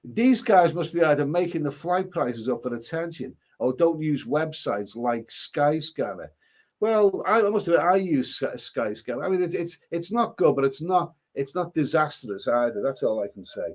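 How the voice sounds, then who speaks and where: A man's voice: fairly high pitch, expressive, moderate pace. A man chatting casually on a live stream, reading out comments and rambling with frequent stumbles and repeated words. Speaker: livestreamer reading chat comments.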